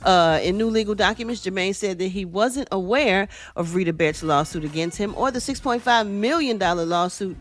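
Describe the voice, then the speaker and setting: A woman's voice: mid-range voice, moderate pace, hardly any pauses. A middle-aged woman hosting a casual radio entertainment news segment, chatty and sassy, calling listeners y'all and honey.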